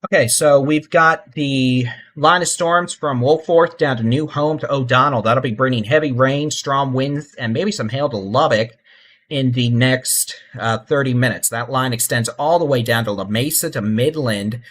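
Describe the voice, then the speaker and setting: Guy doing live storm coverage, laid back folksy talk, mid pitch, gets urgent on warnings. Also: moderate pace, a bit bright. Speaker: weather livestream host. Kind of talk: live severe weather commentary.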